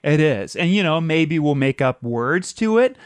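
Podcast host rambling through a story, mid pitch, dry close mic, animated. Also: unhurried, no room sound. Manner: chatty, animated storyteller who imitates sounds. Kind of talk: casual storytelling chat.

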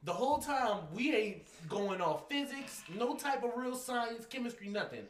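A man's voice: extremely high pitch, normal speed. A young man co-hosting a casual podcast, arguing his points with combative, profane energy. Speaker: podcast co-host. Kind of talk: casual argumentative chat. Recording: roomy echo, faint noise.

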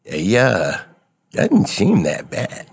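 Deep-voiced laid-back co-host. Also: male voice, wildly swooping pitch, very slow, vocal fry, husky, no echo. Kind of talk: improvised comedy banter.

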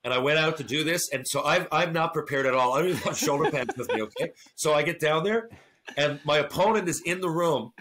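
A man recounts a story in loose, animated podcast talk, peppered with swearing. His voice sits a little higher than most men's. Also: fast talker, background noise. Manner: profane, animated anecdote-telling. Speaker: podcast guest. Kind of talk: casual storytelling.

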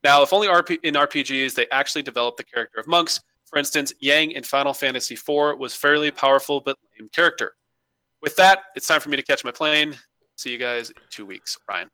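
A man's voice: medium pitch, brisk, pushed and bright, dry recording. A man co-hosting a casual podcast, reading listener emails aloud with joking asides.

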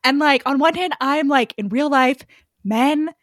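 A woman co-hosting a casual book podcast, animated and laughing often as she recaps and comments with free swearing. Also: high voice, unhurried, no room sound, clean studio sound. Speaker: podcast co-host.

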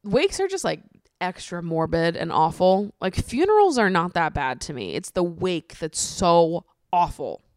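A woman's voice: fairly low pitch, big pitch swings, unhurried, a little mellow, dry recording, clean studio sound. A young woman hosting a podcast, talking candidly in a rambling, casual monologue and swearing freely. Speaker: podcast host.

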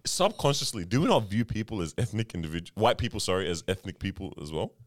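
A man's voice: on the low side, fast talker. A man, co-hosting a podcast, telling stories in casual chat and laughing often. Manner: animated storyteller, laughs often, says "bro". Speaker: podcast co-host.

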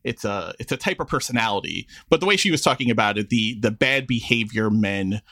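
Lively man co-hosting a podcast. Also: fairly low pitch, brisk. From New York, Queens. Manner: animated, jokes with put-on accents. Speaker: podcast co-host. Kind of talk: casual chat.

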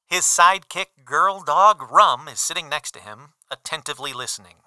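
A man voicing a stage-direction narrator, bright, smooth, lively delivery, dry sound. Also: a little high, normal speed, no room sound. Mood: formal. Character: adult screenplay narrator reading stage directions. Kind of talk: reading stage directions aloud.

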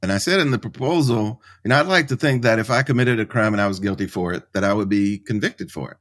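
A middle-aged man, a writer and professor, answering as a podcast guest in an animated storytelling way. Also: fairly low pitch, quick pace. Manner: animated storyteller, acts out quoted voices.

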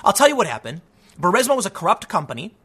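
A man's voice: high voice, very animated, quick pace, fairly bright tone, husky. A young man giving a heated, exasperated solo political commentary, ranting with frequent restarts.

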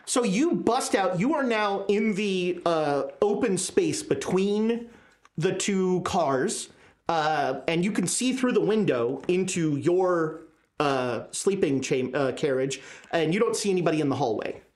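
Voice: medium pitch, expressive, a little slow, darkish tone. A game master narrating a tabletop horror game, joking and stopping often to find words. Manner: hesitant, jokey narration.

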